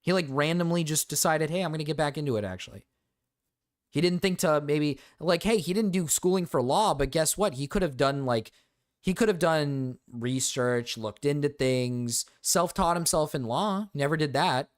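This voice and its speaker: A man's voice: fairly high pitch, moderate pace, no echo, clean studio sound. Brief: male streamer, profane sarcastic reaction rant. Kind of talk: reaction commentary.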